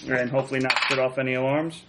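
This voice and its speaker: A man playing a tabletop game, talking casually and haltingly. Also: mid-range voice, fairly even intonation, noisy background. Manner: casual, halting, laughs often. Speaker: player.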